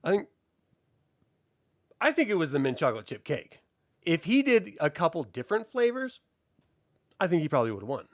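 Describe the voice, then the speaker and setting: A middle-aged man in casual podcast chat, telling stories in a profane, animated way with frequent laughs. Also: on the high side, normal speed, pauses often, dry recording, clean studio sound. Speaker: co-host reviewing a baking show.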